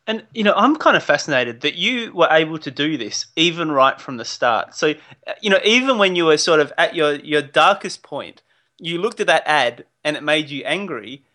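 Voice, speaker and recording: A man hosting an interview, enthusiastic and quick to laugh, rephrasing his guest's points and asking questions. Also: on the high side, expressive, bright, forceful tone. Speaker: podcast host. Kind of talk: conversational interview.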